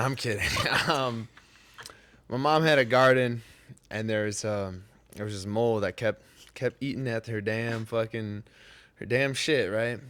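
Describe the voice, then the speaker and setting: A man co-hosting a casual podcast, telling a childhood story in a loud, profane, animated way and laughing as he goes. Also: on the low side, smooth, no room sound. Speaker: podcast co-host.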